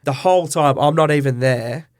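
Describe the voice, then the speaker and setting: A man's voice: on the high side, normal speed, dry recording. A middle-aged Australian man, a butcher and business owner, telling his story candidly and with feeling in an interview. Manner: earnest, emotional storyteller who acts out quoted dialogue.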